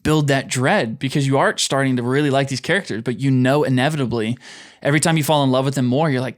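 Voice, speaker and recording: A man's voice: medium pitch, fast talker. A man co-hosting a podcast, talking casually about a film and acting out his own reactions. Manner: animated, acts out his own reactions in quotes. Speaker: podcast co-host. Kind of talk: casual film review chat.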